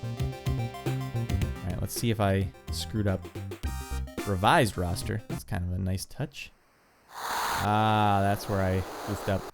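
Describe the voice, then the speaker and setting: Man, lowish voice, casual game commentary, exasperated wisecracks, faint game music behind. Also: steady tone, slow pace, long pauses. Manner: exasperated, wisecracking, swears lightly. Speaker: streamer.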